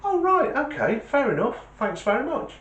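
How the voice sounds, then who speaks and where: A man voicing a rich, fussy, excitable man, emphatic and easily startled. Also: very high voice, moderate pace, echoey room, lo-fi sound, voice pushed up, full character voice. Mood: puzzled.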